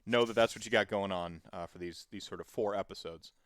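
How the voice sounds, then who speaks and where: A man's voice: lowish voice, fairly quick, no echo. A man hosting a podcast in casual chat, rambling and digressive as he tells stories. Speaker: podcast host.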